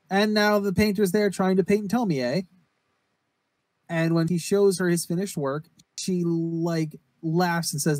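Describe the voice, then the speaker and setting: Recorded with no room sound, this man has a rather high voice with a darkish tone. He co-hosts a laid-back podcast, swearing and rambling as he recaps a horror anime and performs its quotes.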